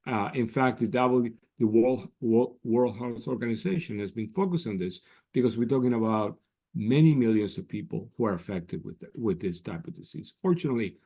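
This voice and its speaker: A man with a fairly low voice talks as an expert guest in an interview. He explains patiently and measuredly, often restarting his sentences before finishing a thought. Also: mellow. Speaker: guest scientist. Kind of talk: interview answers.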